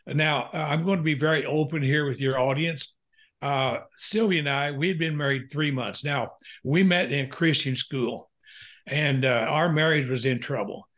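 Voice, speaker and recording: Speaking in a medium-pitched, slightly bright voice, this older man, a pastor and counselor, recounts a candid personal story during an interview. His delivery is earnest, halting, and full of fillers.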